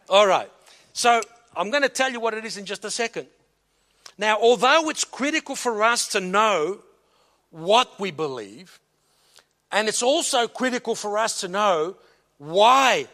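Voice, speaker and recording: A man preaching a sermon with emphatic, drawn-out phrases that build to shouted peaks, with a slight cough. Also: fairly high pitch. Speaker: pastor. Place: church hall. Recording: long hall reverb.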